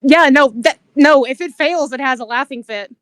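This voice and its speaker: A woman's voice: high voice, normal speed, a bit bright. A woman playing a tabletop game, chatting casually in a cheeky, confident and giggly way. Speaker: player.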